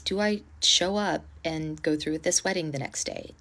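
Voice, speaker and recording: A woman telling a personal story in a casual storytime, animated and dramatic, with blunt swearing. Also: deep voice, moderate pace.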